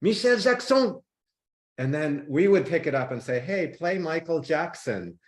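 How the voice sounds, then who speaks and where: A man guest in a podcast interview, telling relaxed stories and now and then mimicking people. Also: on the high side, normal speed, roomy sound. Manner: relaxed, laughs easily, mimics people in anecdotes. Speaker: guest, tech innovator. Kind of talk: conversational interview storytelling.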